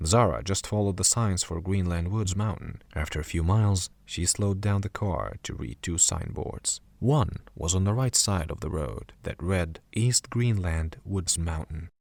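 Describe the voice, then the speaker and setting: A man narrating a horror story audiobook in a measured, steady way. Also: low voice, creaky, dry recording, studio quality. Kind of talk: scripted narration.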